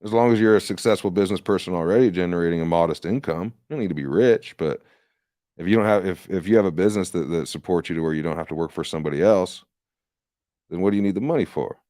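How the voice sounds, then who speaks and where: A man's voice: low-pitched, fast talker, dark tone, no room sound, studio quality. A man hosting a livestream, ranting in a rambling, profane and sarcastic casual way. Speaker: livestream host and candidate.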